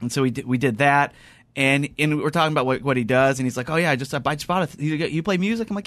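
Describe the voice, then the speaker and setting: A podcast host with a mid-range voice talks quickly through a long, rambling story in a casual chat, restarting often and acting out quoted dialogue with animation. There's no echo on the recording.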